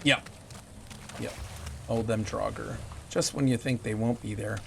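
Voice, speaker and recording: A fairly low, gravelly, slightly bright male voice speaks at a measured pace and steady tone over a headset mic, with slight background noise and game music. He streams a game while chatting and joking with his viewers.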